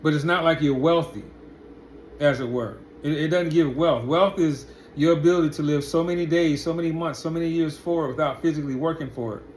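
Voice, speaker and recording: A man's voice: fairly high pitch, brisk, a little mellow. A man delivers a blunt, profane commentary monologue, firing off one rhetorical question after another. His voice sits a little above the usual for a man. A faint hiss of noise runs under the recording. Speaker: commentary channel host.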